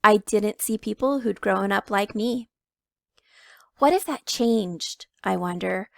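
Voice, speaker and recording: A woman reads a children's picture book aloud in the first person, leaning into key words with clear emphasis. Her voice carries a gravelly, fry-edged texture at a middling pitch, and the sound is close and dry with no room around it. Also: slow pace, dry recording. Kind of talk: read-aloud storytelling.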